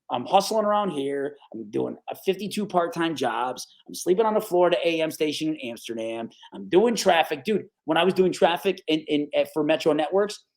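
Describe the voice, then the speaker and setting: On a podcast, a Capital Region, New York sports broadcaster in his forties shares casual stories with his interviewer. His pitch is on the high side, and he's animated, acting out quoted voices and often tossing in "dude" and "right?"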